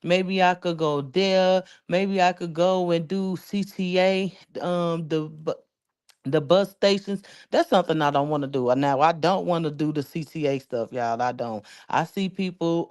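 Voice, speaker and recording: A woman's voice: on the low side, normal speed, a little mellow, clear, resonant tone. A woman from the Chicago area chatting casually on a livestream, rambling and emotional, thanking viewers by name. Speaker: livestream host.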